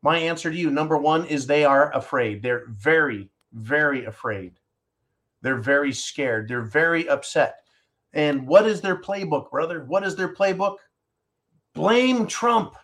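A man's voice: on the high side, moderate pace, a bit bright. A man hosting a talk show, ranting in angry, sarcastic political commentary and answering listener comments.

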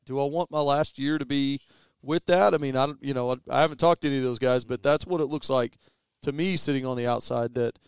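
A man's voice: mid-range voice, fairly quick, clean tone, no room sound. A man, co-hosting a casual sports podcast in a thoughtful, musing way, trailing off and restarting. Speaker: podcast co-host.

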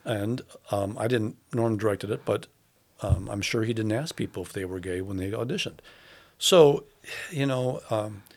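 A man's voice: fairly low pitch, moderate pace, creaky, darkish tone. A man who directs a theatre, talking thoughtfully in a casual interview, with many fillers and restarts.

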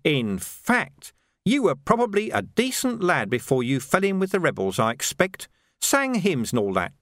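A man's voice: on the high side, huge pitch swings, a bit bright, no echo, clean studio sound, pitched above the performer's own voice. A man playing a sly menacing sergeant. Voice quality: sly, mocking, slow menace.

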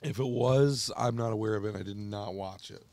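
Give me a gravelly, laid-back man with a low voice, chatting casually as a podcast co-host. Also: normal speed, a little mellow. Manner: laid-back, swears often, says bro a lot. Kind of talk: casual chat.

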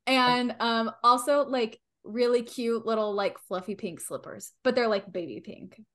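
A woman's voice: on the high side, a little slow. A woman player describing her character in a tabletop game, chatty and giggly.

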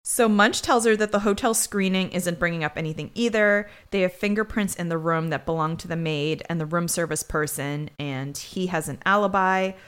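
A woman's voice: lowish voice, moderate pace, few pauses, a bit bright, clear, resonant tone. A woman co-hosting a podcast, casually recapping a TV episode with sarcastic asides. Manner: chatty, sarcastic asides while retelling the plot. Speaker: podcast co-host.

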